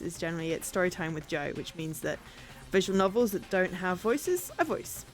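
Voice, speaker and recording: Chatty woman streamer. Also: fairly low pitch. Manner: chatty, self-deprecating. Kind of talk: casual chat while reading a visual novel aloud.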